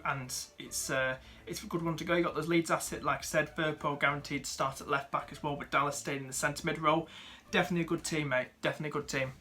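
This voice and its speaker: A young man talks through viewers' fantasy teams in a relaxed, chatty way. His voice is bright and fairly high for a man. He keeps things casual with plenty of fillers and calls his viewers mate and dude. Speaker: fantasy football YouTuber.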